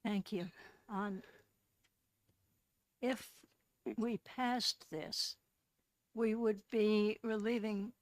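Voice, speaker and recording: A woman, a state representative, questioning a witness in a deliberate, pausing way. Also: mid-range voice, no echo. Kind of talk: committee questioning.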